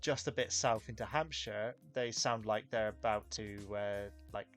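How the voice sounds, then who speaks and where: A man's voice: lowish voice, unhurried, soft background music. A man from England, hosting a casual chat and rambling with lots of fillers. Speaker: podcast host.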